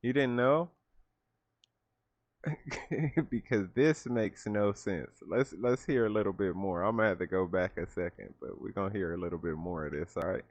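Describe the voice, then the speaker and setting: A man hosting a reaction video, talking in a casual, animated and incredulous way. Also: sits low, moderate pace, no echo. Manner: animated, incredulous, laughs often. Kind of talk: casual commentary reacting to a clip.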